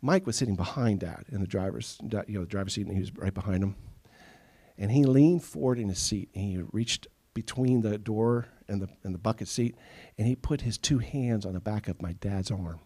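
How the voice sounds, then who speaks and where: A man's voice: on the low side, normal speed, slightly rough. A middle-aged man preaching a sermon as pastor, telling stories and acting out the people he quotes. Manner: animated storytelling, acts out quoted voices. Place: church sanctuary.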